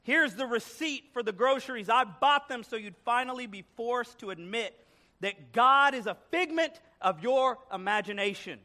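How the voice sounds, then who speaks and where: A man's voice: extremely high pitch, lively intonation, moderate pace, sharp tone, voice pushed up, exaggerated voice. A man voicing a mocking, exasperated atheist neighbor who taunts an old woman.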